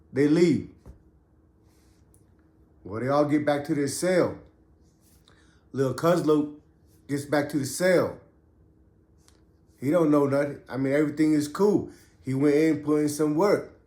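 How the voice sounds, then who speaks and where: Speaking in a somewhat high but darkish voice, a man casually shares a story from his prison past in street slang, still getting over a cough. The recording has a roomy feel; he's an ex-prisoner who hosts a podcast, and he keeps it loose and chatty.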